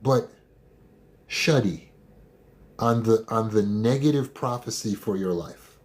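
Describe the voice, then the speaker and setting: A man speaks in a slightly low register, coaching listeners through trauma recovery. He is direct and emphatic, with a blunt, no-nonsense delivery in a motivational talk. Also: slow pace.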